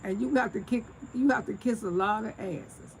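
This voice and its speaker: A gravelly-voiced woman, chatting on a livestream from home. She tells stories and answers her viewers as she goes, laughing often, with faint noise behind her on a phone mic. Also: on the high side, normal speed, rough recording. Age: 60s. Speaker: livestream host. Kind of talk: casual livestream storytelling.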